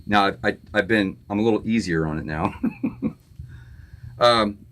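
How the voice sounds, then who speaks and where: Laid-back, low-voiced man chatting on a stream. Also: normal speed, fairly bright tone, a little hiss or hum. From Florida. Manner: laid-back, chatty, laughs often, says "man" a lot. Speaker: musician hosting a live stream. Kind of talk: casual live-stream chat reading viewer comments. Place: home studio.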